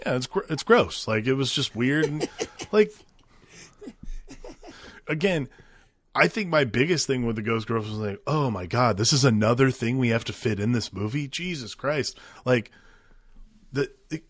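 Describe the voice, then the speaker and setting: A man's voice: mid-range voice, expressive, moderate pace, pauses often, no echo. A man co-hosting a casual movie podcast, talking in an easygoing, hesitant way. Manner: easygoing, hesitant, with many restarts and fillers. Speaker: podcast co-host.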